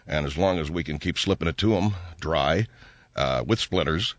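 A man doing a smug, low-voiced oil executive. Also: moderate pace, fairly bright tone, no echo.

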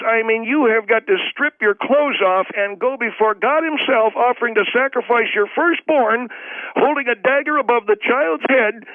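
A man playing a desperate, rambling real estate pitchman in a comedy radio sketch. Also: no echo. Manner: rambling, desperate hard sell. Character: frantic over-the-top male real estate pitchman. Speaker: infomercial pitchman. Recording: dry, dull lo-fi phone line.

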